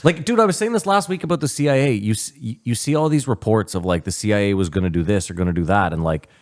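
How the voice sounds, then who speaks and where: A man with a very low, deep voice trading jokes on a podcast. He talks in an animated, playful way, often dropping into little impressions of other people. The chat is loose and casual. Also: fast talker. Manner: animated, slips into put-on voices and laughs often.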